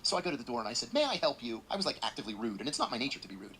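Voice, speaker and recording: A middle-aged man spins an anecdote as a podcast guest, acting out the other people's voices as he goes. His delivery is bright and forceful, with a lot of swing in pitch. Faint background noise sits under the voice. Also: rapid-fire. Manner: animated, acts out the voices in his story. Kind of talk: storytelling anecdote.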